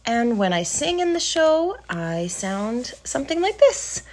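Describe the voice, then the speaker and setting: A woman's voice: on the high side, very animated, unhurried, few pauses, a little mellow. A woman, a stage actor giving a friendly, chatty scripted self-description.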